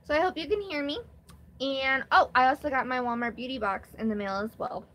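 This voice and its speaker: Young female vlogger, somewhat high voice, rambling and candid, live-stream chat. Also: a little fast, a bit bright. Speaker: vlogger hosting her first live stream.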